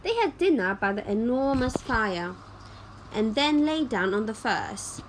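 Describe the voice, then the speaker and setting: A woman reads a graded-reader fairy tale aloud. Her voice is high and she speaks slowly and carefully. Each word comes out clear. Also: big pitch swings, slight background noise, poor audio. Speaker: narrator. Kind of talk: graded-reader story narration.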